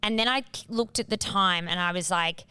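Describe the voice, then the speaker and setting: A woman's voice: fairly low pitch, moderate pace, clear, resonant tone, dry recording. Swearing woman telling a story. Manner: animated, swears freely, acts out quotes. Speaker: podcast co-host. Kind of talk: casual chat, storytelling.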